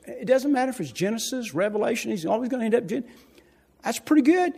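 An older man preaching a sermon as pastor, swinging between loud emphatic lines and quiet asides, repeating key phrases and asking the congregation questions. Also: extremely high pitch, expressive, fast talker, gravelly, slightly rough.

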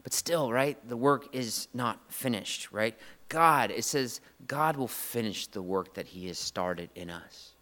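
A man's voice: mid-range voice, lively intonation, pushed and bright. Earnest man preaching in a reverberant hall. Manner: earnest and emotional, with halting restarts. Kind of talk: sermon.

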